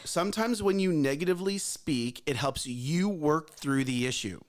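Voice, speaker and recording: A man's voice: fairly high pitch, lively intonation, moderate pace. A man co-hosting a casual morning talk show, speaking emphatically and repeating his points. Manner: emphatic, repeats phrases, advice-giving. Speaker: co-host.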